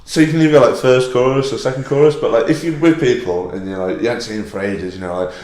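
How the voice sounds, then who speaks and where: A man's voice: mid-range voice, fast, a little mellow. A young man with a North West English accent, a comedian guest chatting casually on a podcast, rambling and laid-back, drinking whiskey as he talks. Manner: rambling and laid-back, full of "like", laughs often. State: drinking whiskey while talking. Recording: roomy echoey room.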